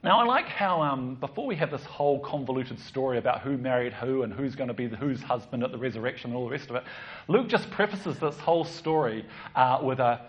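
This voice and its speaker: A man preaches in a relaxed, joking way, his pitch rising and falling a lot. The recording sounds a little dull. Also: a little fast. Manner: chatty, joking, animated. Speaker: pastor. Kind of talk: sermon.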